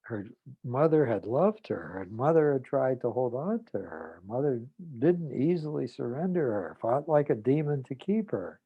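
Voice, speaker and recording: Older male psychologist-host, mid-pitched gravelly voice, halting storyteller. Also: very animated, no room sound, phone-quality sound. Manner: halting, with many fillers and restarts; quotes people in a softened, lowered voice. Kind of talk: reflective storytelling monologue.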